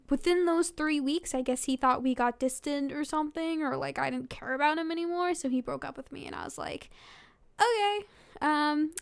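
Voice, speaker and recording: Casting: tired young woman vlogger, high unhurried voice, giggly rambling chat, dry close sound. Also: clean tone, no echo. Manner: giggly, rambling, full of fillers. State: sleepy. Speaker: vlogger reading fan fiction. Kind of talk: casual late-night reading aloud.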